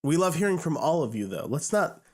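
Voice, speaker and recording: A man's voice: a little high, very animated, fairly quick, darkish tone. A man co-hosting a podcast in playful, teasing casual chat. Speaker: podcast co-host.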